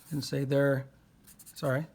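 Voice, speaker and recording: A man gives a poetry lesson to young children in a slow, unhurried voice. He speaks at a middle pitch, patiently drawing out words and syllables so the class can follow along. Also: flat delivery, gravelly, a little mellow, husky. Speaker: teacher.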